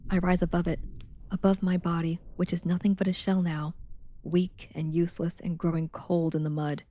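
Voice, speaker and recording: Soft-spoken woman with a low, mellow voice. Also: flat delivery, normal speed. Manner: soft-spoken, drifts into whispers; chatty with viewers, reads steadily. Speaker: livestreamer. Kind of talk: casual chat and reading a novel aloud.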